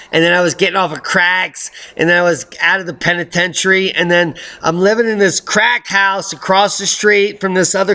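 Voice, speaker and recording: Man, middle-aged, bright tone, slow drawn-out delivery, jokey weather commentary. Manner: jokey, rhyming asides, theatrical swings into high baby talk. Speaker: video blogger host. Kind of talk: rambling weather commentary vlog.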